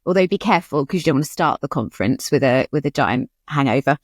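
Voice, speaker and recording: A woman's voice: deep voice, animated, quick pace, no echo, studio quality. A woman co-hosting a writing podcast in casual chat, candid and chatty. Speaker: podcast co-host.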